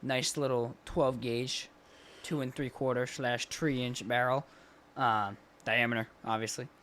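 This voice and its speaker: A man's voice: medium pitch, fairly even intonation, unhurried, a bit bright. A young man co-hosting a casual podcast, joking, swearing and laughing often. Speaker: podcast co-host. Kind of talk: casual chat.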